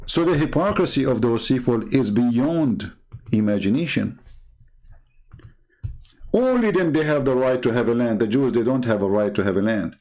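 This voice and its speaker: A man of middle pitch delivers a heated polemical monologue. His tone is mocking and combative, and it climbs into loud, indignant outbursts as he argues. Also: a little fast. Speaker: religion critic answering viewers.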